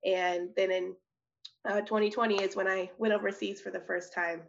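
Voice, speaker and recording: A woman's voice: medium pitch, moderate pace, gravelly. Earnest young woman telling her story. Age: young adult. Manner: earnest and animated, laughs often, many restarts. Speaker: missionary guest. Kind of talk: personal testimony in an interview. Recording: slightly dull audio.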